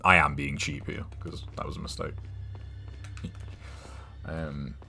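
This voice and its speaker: A man's voice: rumbling low, little pitch movement, slow pace, creaky, sharp tone, faint music behind. A young English man streaming a game, rambling and chatting casually, swearing now and then. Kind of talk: casual chat while gaming.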